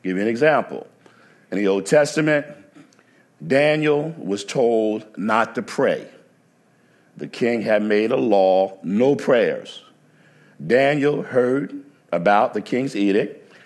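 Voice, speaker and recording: A man's voice: fairly low pitch, lively intonation, slow pace, pauses often. A male pastor preaching a sermon, telling stories and building to emphatic preaching. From New Jersey. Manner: storytelling, shifts to rising preaching emphasis. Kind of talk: sermon with anecdotes.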